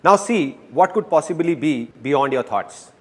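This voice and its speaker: Guy doing a motivational talk, super animated, voice bouncing up and down, kinda high. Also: a little slow. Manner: animated, playful, exhorting the audience. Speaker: motivational speaker. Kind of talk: live motivational speech.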